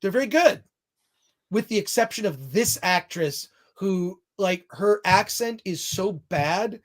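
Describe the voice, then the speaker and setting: A man's voice: sits high, animated, measured pace. A man hosting a film review show in casual chat, rambling off on tangents and restarting his sentences often.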